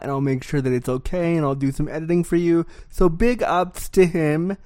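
A Canadian woman hosting a podcast, chatting in a lively, rambling way with quick tangents. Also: low-pitched, no room sound. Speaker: podcast host. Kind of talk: casual interview chat.

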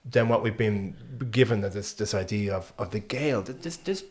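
A man's voice: on the low side, normal speed, a little mellow. A man from Ireland hosting a casual discussion, thoughtful, often restarting his sentences.

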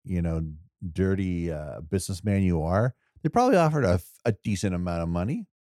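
Man, deep voice, warm tone, casual movie podcast, rambling. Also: sing-song, a little fast, dry recording, studio quality. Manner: rambling, restarts mid-thought, laughs often. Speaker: podcast co-host.

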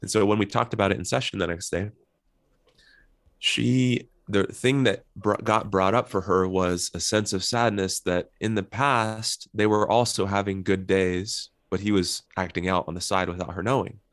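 Deep-voiced man explaining couples advice. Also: steady tone, moderate pace, dry recording, studio quality. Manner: earnest, explanatory, gives worked examples. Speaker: couples therapist. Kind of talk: interview guest explaining advice.

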